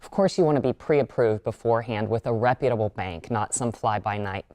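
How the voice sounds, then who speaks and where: A woman's voice: a bass voice, fairly quick, dark tone, dry recording. A woman who is a real estate agent, a guest on a TV show, giving confident, practical advice in a studio. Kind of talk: TV talk segment.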